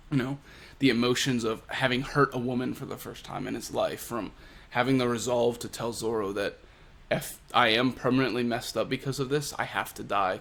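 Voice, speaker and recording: A man's voice: mid-range voice, a bit bright. A man giving a casual, enthusiastic review of a comic chapter, retelling scenes. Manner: enthusiastic, retelling with acted quotes. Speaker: manga reviewer.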